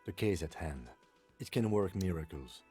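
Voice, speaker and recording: A man voicing a dry, clipped, tired police lieutenant with a deadpan manner. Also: sits low, normal speed, breathy edge, soft background music, voice pushed down.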